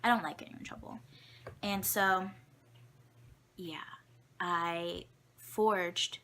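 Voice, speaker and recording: A woman's voice: on the low side, fairly even intonation, slow, a bit bright, a little hiss or hum. A young woman telling childhood stories to camera in a chatty, rambling, self-mocking way. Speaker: vlogger. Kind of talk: casual storytelling to camera.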